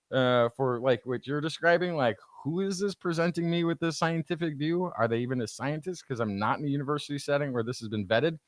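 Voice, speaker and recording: A man co-hosting a science podcast, talking in an animated, storytelling way. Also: fairly high pitch, no room sound, clean studio sound. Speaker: podcast co-host. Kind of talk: casual chat.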